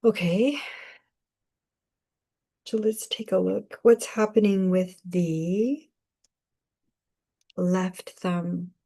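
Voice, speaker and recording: Slow soft-spoken woman giving guidance. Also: fairly low pitch, fairly even intonation. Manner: slow, soft-spoken, repeats phrases with many fillers. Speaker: intuitive guidance host. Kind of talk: live spiritual guidance session.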